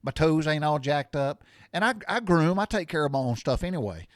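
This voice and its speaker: A man's voice: a little high, lively intonation, a little fast, no echo, studio quality. A man in his sixties chatting casually to his viewers, folksy and rambling, wandering off on tangents. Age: 60s. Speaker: vlogger. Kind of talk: casual chat.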